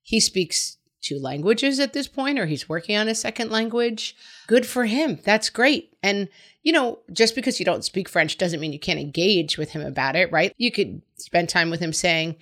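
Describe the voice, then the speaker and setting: A woman's voice: medium pitch, lively intonation, normal speed, fairly bright tone. A woman hosting a parenting advice show, answering a listener's question in frank, emphatic, chatty talk.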